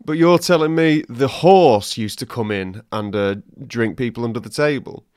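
A man's voice: mid-range voice, moderate pace, darkish tone, smooth, no room sound, clean studio sound. Playful man in casual banter. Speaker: podcast co-host. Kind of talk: casual chat.

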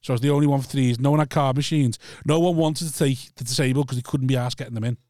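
A man's voice: mid-range voice, steady tone, very fast, dark tone, no room sound, clean studio sound. A man with a Liverpool accent, a taxi driver guest telling stories in casual podcast chat, rambling, repeating himself and laughing easily. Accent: Scouse.

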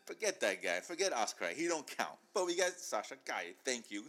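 A man hosting a casual podcast chat, excitable and animated, often talking over his co-hosts. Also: mid-range voice, fairly quick. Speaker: podcast host.

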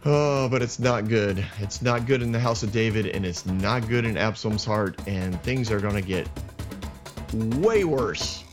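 A man hosting a podcast, retelling Bible stories in a casual, animated way and acting out the characters' lines. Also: on the low side, moderate pace, few pauses, faint music behind. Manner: animated retelling with acted asides. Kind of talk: casual storytelling. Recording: dull lo-fi sound.

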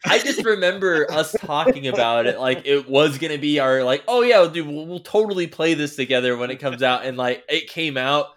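A man's voice: on the high side, animated, normal speed, few pauses, a bit bright. A man hosting a gaming podcast, amused and laughing with his co-hosts. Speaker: podcast host. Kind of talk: casual chat.

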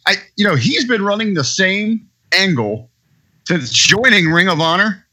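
A man co-hosts a podcast and gives earnest, emphatic takes. His voice is very bright and sits a bit high for a man. His pitch moves around a lot when he talks. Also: expressive, unhurried. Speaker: podcast co-host. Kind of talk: casual podcast chat.

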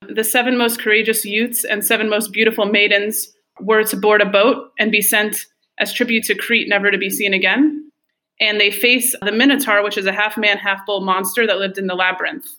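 A woman's voice: medium pitch, sharp tone. A young woman co-hosting a podcast, reading prepared analysis of a film with casual fillers. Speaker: podcast co-host.

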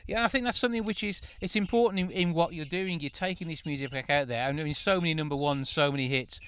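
Smooth, higher-voiced male radio host. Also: fast talker, a bit bright, no room sound. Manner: friendly, encouraging prompts, laughs along. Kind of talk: casual interview chat.

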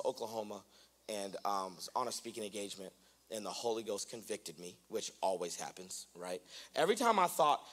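Um pregador americano que prega um sermão em tom de conversa, brincando consigo mesmo antes de subir a voz com força. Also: male voice, fairly low pitch. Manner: conversational, self-mocking, builds to loud animated preaching. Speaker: preacher. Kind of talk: sermon. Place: church sanctuary.

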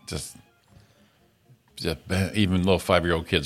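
A man's voice: sits low, fairly even intonation, normal speed, a bit bright, soft background music. A man hosting a podcast, chatting casually and telling crude, rambling anecdotes. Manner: rambling storyteller with crude humor. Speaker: podcast host. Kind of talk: casual chat.

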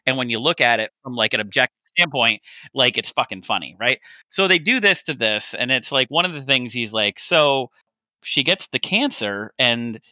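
A man hosting a casual podcast chat, excitable and swearing freely, often breaking into laughter. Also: medium pitch, a little fast, dry recording, muffled recording. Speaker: podcast host.

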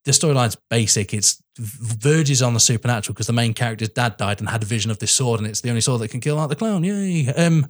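A man co-hosting a casual film podcast, talking about a horror movie with emphatic, excitable delivery. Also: quick pace, hardly any pauses. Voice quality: animated, emphatic, rising pitch when excited. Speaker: podcast co-host. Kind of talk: casual film review chat.

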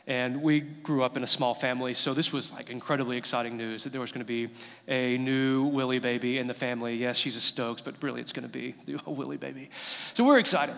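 A man's voice: medium pitch, fairly bright tone, big-room sound. A male pastor giving a sermon, telling stories in an earnest, conversational way.

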